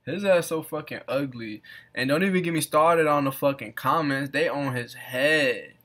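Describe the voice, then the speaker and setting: A man whose voice is a little high and fairly bright speaks at a moderate pace in an off-camera voice-over. It's casual reaction commentary: he mocks what he watches, curses a lot, and keeps laughing.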